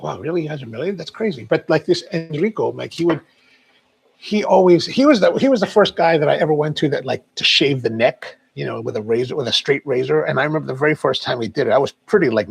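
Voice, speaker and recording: Gravelly-voiced middle-aged male host. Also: on the high side. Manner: chatty, rambling storyteller. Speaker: livestream host. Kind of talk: casual livestream chat.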